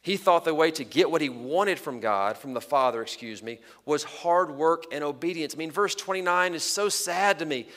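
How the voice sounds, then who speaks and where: A male pastor delivers a sermon in an earnest, emphatic way, slowing to press home his points. His voice sits a little high for a man. It rings out with the long reverb of a large hall. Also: fairly bright tone. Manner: earnest, emphatic preaching with slow deliberate stresses.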